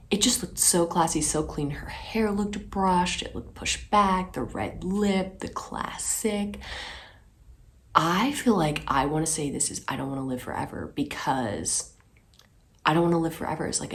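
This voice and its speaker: Sassy low-voiced woman vlogger. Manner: sassy, expressive, swears for emphasis. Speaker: fashion vlogger. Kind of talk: casual chatty commentary.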